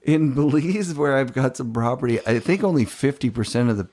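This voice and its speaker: A man's voice: medium pitch, fairly quick, darkish tone. Male host, laid-back interview chat, enthusiastic. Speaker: podcast host.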